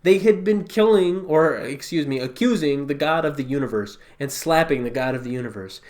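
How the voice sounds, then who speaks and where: A man's voice: fairly high pitch, expressive, fairly quick, a little mellow. Man teaching the Bible conversationally. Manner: conversational, emphatic, asks rhetorical questions.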